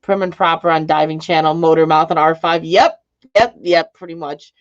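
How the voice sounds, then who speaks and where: A woman's voice: deep voice, moderate pace. Rambling woman streamer, lo-fi audio. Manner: rambling, joking, laughs often. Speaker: live streamer. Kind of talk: casual live-stream chat reading comments.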